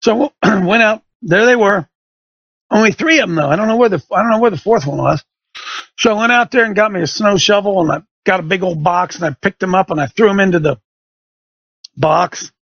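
A man's voice: high voice, fairly quick, creaky, a bit bright, no room sound, highs cut off. A middle-aged man hosting a show, telling a folksy story and turning it into an emphatic sermon-like lesson for listeners. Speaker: show host. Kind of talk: preaching radio monologue. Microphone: studio microphone.

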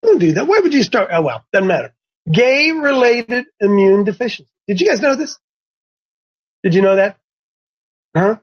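Brief: defiant sermon voice, repeats lines, breathy texture, muffled recording. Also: mid-range voice, sing-song, moderate pace, long pauses. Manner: mocking, blunt, repeats points. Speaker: preacher. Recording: dull lo-fi recording.

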